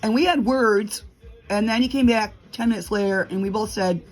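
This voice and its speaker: A woman's voice: mid-range voice, moderate pace, faint music behind. A middle-aged woman vlogging in a heated, casual storytelling rant, acting out what people said to her. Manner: heated, storytelling, acts out quotes.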